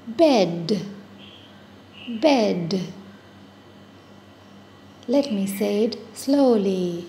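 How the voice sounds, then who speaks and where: A woman teaching phonics to young children, repeating each word and stretching its sounds out slowly. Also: mid-range voice, mellow, a little hiss or hum. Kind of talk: slow, patient phonics lesson for young children.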